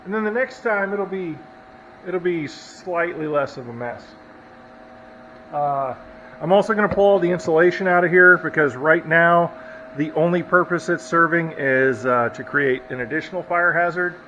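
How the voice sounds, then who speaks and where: Casting: talkative, self-deprecating man, slightly higher voice, muffled shop recording with faint noise. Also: normal speed. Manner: chatty, self-deprecating, thinks out loud. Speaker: hot rod builder and channel host. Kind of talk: casual shop vlog narration. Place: home workshop, hot day.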